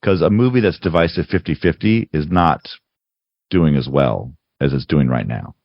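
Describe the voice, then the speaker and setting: A man's voice: a bass voice, lively intonation, moderate pace, no echo. A man co-hosting a podcast, chatting casually about films and rambling with frequent restarts. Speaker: podcast co-host. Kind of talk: casual film discussion. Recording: dull lo-fi sound, dry.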